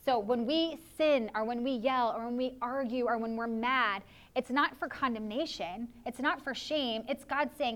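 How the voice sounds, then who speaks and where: A woman's voice: a little high, normal speed, few pauses, fairly bright tone. Earnest woman pastor preaching. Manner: earnest, confessional, prays aloud in asides. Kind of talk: sermon.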